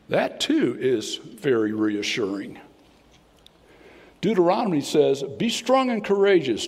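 A man's voice: fairly high pitch, a little mellow. A man with a Southern accent giving a folksy, conversational sermon as a guest speaker in an auditorium. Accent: American Southern. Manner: folksy, conversational preaching with playful voices. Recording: long hall reverb.

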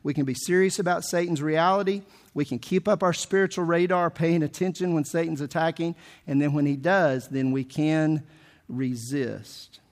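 A man's voice: fairly high pitch, fairly even intonation, normal speed. A man preaching a sermon, emphatic and asking the congregation questions as he goes. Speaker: pastor.

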